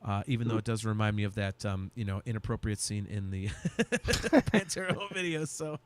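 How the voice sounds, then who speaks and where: A man hosting a podcast, talking about music in relaxed, enthusiastic casual chat. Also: on the low side, moderate pace, slight background noise. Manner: relaxed, enthusiastic, drops in fillers. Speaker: podcast host.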